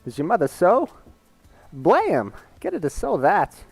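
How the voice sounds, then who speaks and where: A man doing an impression of a famous actor, speaking in a halting, emphatic way, higher than his usual voice. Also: wildly swooping pitch, vocal fry, a little mellow, breathy edge, dry recording, soft background music, exaggerated voice. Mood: menacing.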